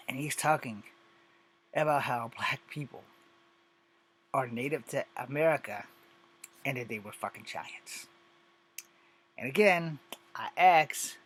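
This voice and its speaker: A man's voice: mid-range voice, a bit bright, slightly rough. Exasperated man ranting, swearing constantly. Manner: exasperated, sarcastic, heavy swearing. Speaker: commentator on social media videos. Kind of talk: profane ranting commentary.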